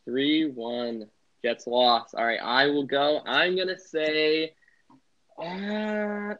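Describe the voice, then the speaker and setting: A man's voice: on the high side, fairly even intonation, extremely slow, fairly bright tone. Young man hosting, muffled lo-fi. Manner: rambling, many filler words. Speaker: podcast host. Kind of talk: casual sports podcast chat. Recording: muffled lo-fi sound.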